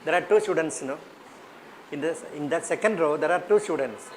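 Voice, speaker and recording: A man's voice: fairly high pitch, brisk, low-quality recording. Man, Indian English accent, workshop trainer, asks the class questions, faint background hiss. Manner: questioning, repeats points to the class. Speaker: teacher trainer. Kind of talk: interactive workshop teaching.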